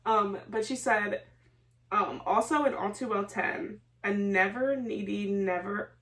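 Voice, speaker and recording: A woman's voice: mid-range voice, measured pace, fairly bright tone, recorded from a distance. Young woman podcaster, a bit off-mic. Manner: laughs hard, chatty and playful. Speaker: podcast co-host. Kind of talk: casual chat.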